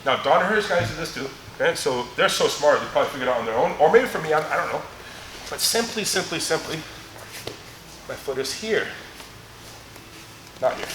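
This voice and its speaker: Middle-aged man, martial arts instructor, storytelling, laughs a lot, slightly high voice, roomy gym sound. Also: lively intonation, fairly quick, pauses often, background noise. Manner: joking storyteller, laughs often, demonstrates moves. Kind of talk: live teaching seminar with anecdotes. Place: large echoey training gym. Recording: echoey gym with faint ambience.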